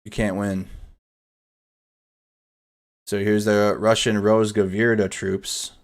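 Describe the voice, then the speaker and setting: A somewhat low-voiced man talks over footage on a live stream in a casual, chatty, energetic way. He comments freely and addresses viewers directly as the host. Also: slow pace. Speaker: host of nightly war update stream.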